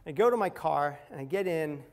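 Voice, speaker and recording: A middle-aged man telling a candid personal story, dramatic and confessional, dropping to a hush at tense moments. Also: a little high, lively intonation, fairly quick. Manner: candid, dramatic retelling with acted quotes and swings from loud to hushed. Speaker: speaker sharing a personal recovery story.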